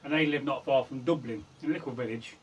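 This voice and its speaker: A man's voice: mid-range voice, fast, husky, recorded from a distance. A man co-hosting a vlog in casual chat, hesitant and agreeable, often repeating words. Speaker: vlog co-host.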